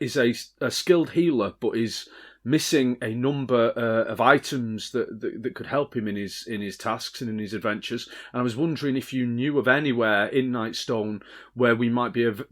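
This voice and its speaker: A man playing a tabletop role-playing game, talking in character in a formal, halting way. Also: medium pitch. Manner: formal, halting, many restarts. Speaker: player.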